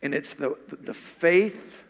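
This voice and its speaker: A man's voice: fairly high pitch, slow. A male pastor preaching a sermon in an earnest way, repeating questions for emphasis. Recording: echoey hall.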